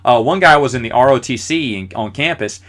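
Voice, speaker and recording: Speaking fairly fast in a medium-pitched, fairly bright voice, this man in his forties spins casual stories on his podcast. He rambles, pokes fun at himself, and leans heavily on fillers.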